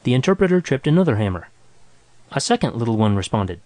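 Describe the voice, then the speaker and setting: Man, story narrator, measured even reading, dry close sound. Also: medium pitch, no room sound.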